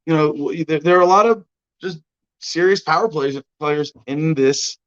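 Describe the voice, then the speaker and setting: On a relaxed livestream, a man with a voice on the higher side talks at normal speed, rambling and hedging as he hosts. The sound is muffled and lo-fi.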